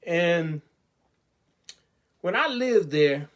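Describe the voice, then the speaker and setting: A man's voice: on the high side, expressive, drawn-out words, fairly bright tone. A man hosting a web talk show, speaking in a sarcastic, preachy way that is full of rhetorical questions.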